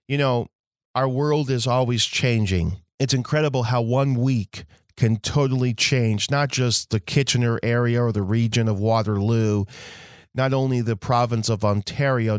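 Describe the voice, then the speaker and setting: A male pastor, preaching a sermon slowly and emphatically and drawing out key phrases. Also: medium pitch, dry recording, studio quality.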